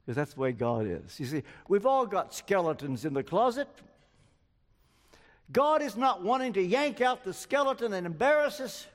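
An older man preaches a sermon in a high-pitched, very animated voice at normal speed. He tells a story and acts out the quoted lines of its characters, with long hall reverb around him.

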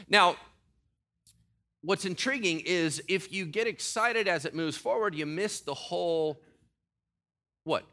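A man's voice: on the high side, sharp tone. A middle-aged man preaching a sermon in a conversational way, often asking the congregation questions. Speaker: pastor.

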